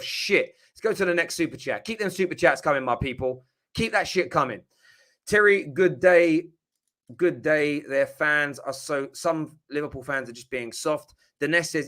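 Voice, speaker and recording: Passionate football stream host. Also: male voice, on the high side, moderate pace, a bit bright. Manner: passionate, emphatic, swears when riled. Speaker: football fan channel host. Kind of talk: live-stream match reaction.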